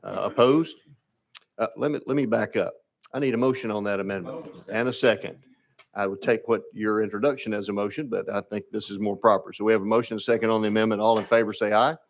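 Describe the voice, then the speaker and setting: Low-voiced chairman running a hearing. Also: steady tone, creaky. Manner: procedural, polite, brisk. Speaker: committee chairman. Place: legislative hearing room.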